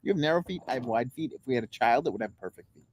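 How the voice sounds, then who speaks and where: A man co-hosts a relaxed comedy podcast, delivering dry teasing jabs and halting often on ums. His voice sits at an ordinary middle pitch, and the recording is close and dry. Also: dry recording. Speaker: podcast co-host. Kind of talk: casual comedic chat.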